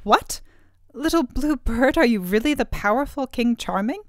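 A woman's voice: medium pitch, a little fast, clear, resonant tone, no room sound, clean studio sound, close to an everyday voice. A woman voicing a sorrowful imprisoned young princess, speaking plaintively in a storybook reading. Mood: surprised. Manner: plaintive, lamenting.

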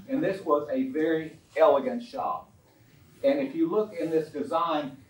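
Man, lecture presenter, chatty anecdotal delivery, roomy echo, distant mic. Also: fairly high pitch. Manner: chatty, anecdotal, with frequent fillers. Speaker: presenter of a historical collection. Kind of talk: illustrated lecture.

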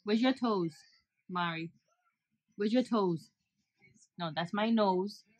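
A woman's voice: mid-range voice, slow, a little mellow, no room sound. A mother at home talking to her baby in coaxing, sing-song baby talk and laughing often. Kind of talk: home video chat with a baby.

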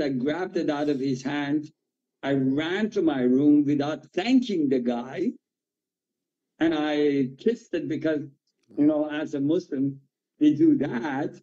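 Animated man telling his testimony. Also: a little high, highs cut off. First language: Farsi. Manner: animated storytelling, acting out dialogue. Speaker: pastor giving his testimony. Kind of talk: personal testimony in an interview.

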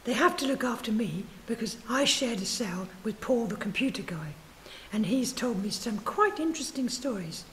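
A woman's voice: fairly high pitch, animated, normal speed, fairly bright tone, slight background noise. A woman voicing a cheeky young male art forger who talks in a breezy, reassuring way.

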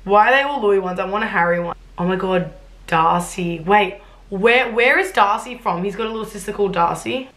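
A woman's voice: medium pitch, a little fast, fairly bright tone. A woman, reacting bluntly and sarcastically on a casual vlog and swearing freely. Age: 20s. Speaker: YouTuber. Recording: roomy echo.

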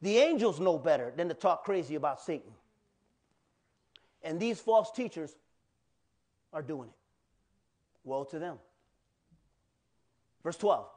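Animated man preaching a sermon. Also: fairly high pitch, a little slow, pauses often. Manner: animated, colloquial preaching with asides to the congregation. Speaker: pastor.

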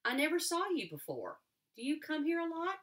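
A woman's voice: high-pitched, wildly swooping pitch, brisk, a bit bright, pitched above the performer's own voice, full character voice. A woman reading as an eager ten-year-old girl.

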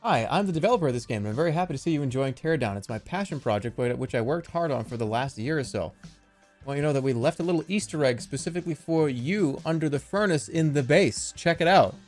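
A man putting on a soft-spoken earnest game developer. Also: lively intonation, fast talker, soft background music, close to an everyday voice. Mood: mock-sincere. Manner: mock-sincere, hushed and lower. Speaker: streamer.

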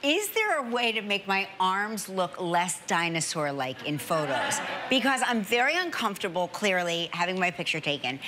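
A woman's voice: lowish voice, very animated, normal speed, hardly any pauses, background noise. A woman co-hosting a TV talk show, chatty and self-mocking as she jokes in a studio. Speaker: TV co-host. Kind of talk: playful live studio banter.

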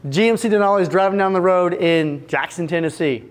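A man speaking to a live audience of fence business owners at a retreat, energetic and joking as he addresses the room directly and acts out little scenes. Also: sits high, brisk, hardly any pauses. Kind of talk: business seminar talk.

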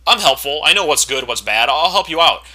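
A man's voice: fairly high pitch, lively intonation, a little fast, poor audio. A young man in his twenties ranting profanely to camera about rude pizza customers, getting more exasperated as he goes. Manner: profane, exasperated, building to angry shouting. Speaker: vlogger.

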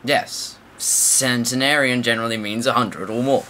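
A man's voice: mid-range voice, steady tone, normal speed, bright, forceful tone, a little hiss or hum. A man guest-hosting a casual podcast chat, making dry, wry remarks. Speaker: guest host.

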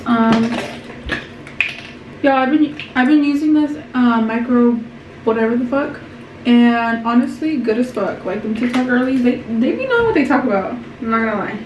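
A young woman in her twenties talks to her viewers in a loose, slangy vlog voice and swears freely. Her voice sits a little high. A faint hum of background noise runs under the handheld camera audio. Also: echoey room, dull audio. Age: 20s. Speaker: vlogger. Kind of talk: casual vlog chat. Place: at home and around a college campus.

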